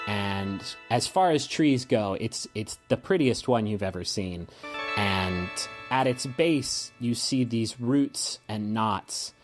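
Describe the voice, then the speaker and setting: A low-voiced man narrates a tabletop game as its game master. His description is unhurried and full of ums and uhs, and faint music plays behind him.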